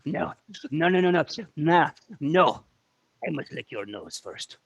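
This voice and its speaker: A swooping, animated voice for a flamboyant male cat couturier, as a man puts him on, bossy and theatrical. It sits a bit high and slightly husky, leaping between demands with Spanish words sprinkled in. He insists and never takes questions, a tabletop role-play figure. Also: slow pace, no room sound, muffled recording, exaggerated voice. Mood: insistent.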